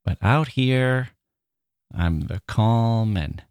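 Male podcast host, playful theatrical delivery, unhurried, low-ish voice, dry close sound. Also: expressive, a bit bright, no echo. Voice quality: squirrel-like voice. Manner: playful and theatrical, often laughing at himself. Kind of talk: playful literary podcast chat.

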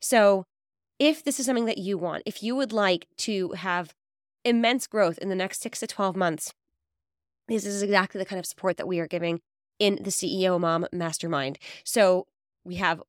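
A woman's voice: mid-range voice, normal speed, dry recording, clean studio sound. A woman podcast host giving a conversational promotional outro for her coaching program.

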